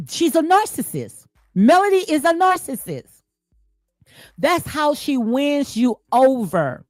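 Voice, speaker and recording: Blunt, preachy woman with a high voice. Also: no echo. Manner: blunt, preachy, repeats herself, slangy. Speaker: commentary channel host. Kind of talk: casual reaction commentary.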